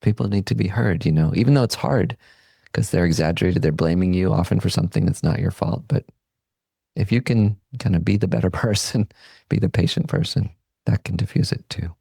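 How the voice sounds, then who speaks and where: Low gravelly male voice, mellow and unhurried; a meditation teacher reflecting calmly. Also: dry recording. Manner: calm, unhurried, gently reflective. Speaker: podcast host and meditation teacher. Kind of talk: reflective Buddhist teaching talk.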